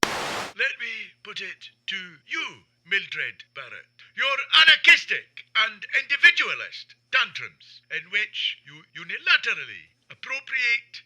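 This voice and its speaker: A man putting on a pompous male orator who lectures in a high, wildly swooping voice, drawing out every grand word at a slow, theatrical pace. The tone is bright and sharp. It is a stern, booming comic impression. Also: wildly swooping pitch, slight background noise, exaggerated voice, rough recording.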